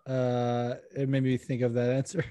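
A man's voice: medium pitch, completely flat delivery, moderate pace, mellow, smooth, dry recording. Profane giggly man on a podcast. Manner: profane, giggly, acts out voices in stories. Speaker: podcast co-host. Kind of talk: casual stoned chat.

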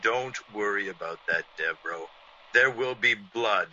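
A man's voice: lowish voice, unhurried, sharp tone, exaggerated voice. A man voicing Kerrigan, a gloating ex-convict villain. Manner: sneering, theatrical villain with gloating laughs. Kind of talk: 1940s radio acting. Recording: dull old radio recording.

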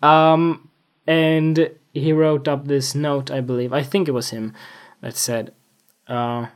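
A man's voice: fairly high pitch, little pitch movement, slow, clear, resonant tone. Rambling man with a self-mocking, jokingly boastful streak. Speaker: podcast host. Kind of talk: casual solo podcast monologue. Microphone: USB desktop microphone.

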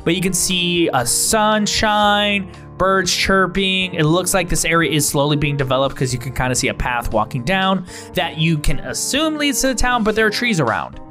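Rambling male game master, lively pitch. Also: moderate pace, faint music behind. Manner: rambling, with many fillers and restarts. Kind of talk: narrating a tabletop game.

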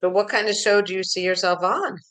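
A woman's voice: medium pitch, brisk, fairly bright tone, rough recording. A woman hosting a talk show, asking brief questions and encouraging her guest. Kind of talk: interviewing a guest.

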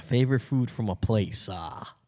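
A man's voice: mid-range voice, expressive, normal speed, darkish tone. Joking man on a podcast. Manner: joking, teasing, trails off and restarts. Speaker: podcast co-host. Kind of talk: casual sports podcast banter.

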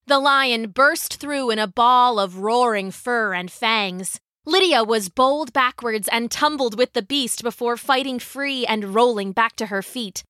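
A woman narrates a scripted children's story in a measured, vivid way. Her voice sits a little high with a bright tone, and she takes her time over the words. The recording is close and dry. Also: no room sound.

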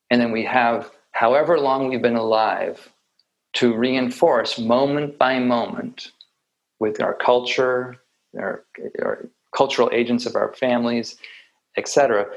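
A male meditation teacher talks through ideas slowly and reflectively, adding small touches of humor. His mid-pitched voice has a gravelly, creaky texture. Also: low-quality recording. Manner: reflective and unhurried, with light humor. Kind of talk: meditation dharma talk.

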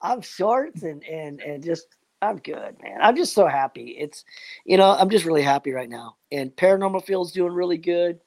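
A man's voice: sits high, lively intonation, moderate pace, vocal fry. A man chatting casually, rambling and upbeat, full of fillers and motivational asides. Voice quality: rambling, repeats "man" and "you know what". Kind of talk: casual chat.

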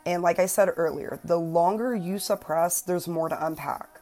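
Low-voiced young woman, earnest and blunt. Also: normal speed, a little mellow, faint music behind. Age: 20s. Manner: earnest, emphatic, swears freely. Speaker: podcast host. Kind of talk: personal self-help podcast monologue.

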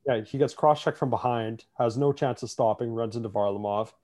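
A man's voice: mid-range voice, fairly quick. Ranting man in casual sports talk. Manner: animated, ranting, lots of "like" fillers.

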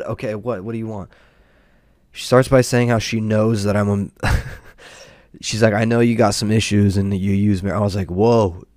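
A man's voice: on the low side, darkish tone, no room sound, clean studio sound. A young man hosting a podcast, telling a rambling, profane story about his neighbor in a casual, exasperated rant. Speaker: podcast host.

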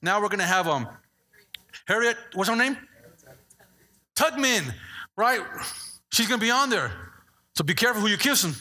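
A male pastor preaches with a lively, swooping delivery, his voice sitting high and bright. There is a husky grain to his tone as he jokes with the congregation and then presses his point. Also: normal speed, pauses often. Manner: animated preaching, playful asides to the congregation. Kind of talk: sermon.

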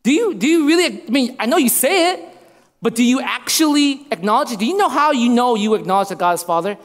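A man's voice: extremely high pitch, lively intonation, quick pace. A man in his thirties preaching a sermon as a pastor, repeating lines for emphasis. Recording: long reverb of a hall.

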